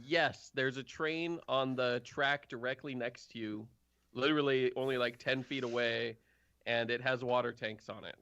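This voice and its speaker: Casual game master on a dull mic. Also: male voice, medium pitch, fairly even intonation, normal speed, a bit bright, clear, resonant tone, no echo. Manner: loose, chatty, with filler words. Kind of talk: running a tabletop game on a live stream.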